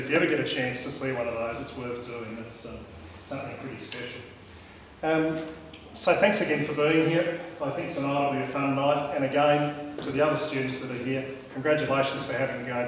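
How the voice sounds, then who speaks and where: A man's voice: medium pitch, fairly even intonation, fast talker. Chatty Australian man echoing in a hall. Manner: chatty, frank, repeats himself. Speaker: real estate agent giving welcome speech. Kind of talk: casual welcome speech. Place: large hall. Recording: echoey hall, distant mic, faint noise.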